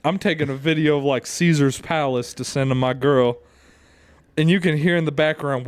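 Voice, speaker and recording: A man's voice: on the high side, moderate pace, smooth. A man co-hosting a casual podcast, telling a long, profane story and often laughing through it. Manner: profane, rambling, laughs through his stories. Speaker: podcast co-host.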